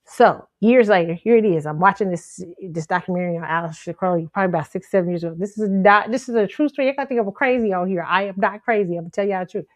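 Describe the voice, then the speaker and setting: A woman's voice: fairly low pitch, fast, hardly any pauses, dry recording. A woman hosting her own show, telling a story to viewers in an emphatic, insistent way and often repeating herself. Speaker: show host.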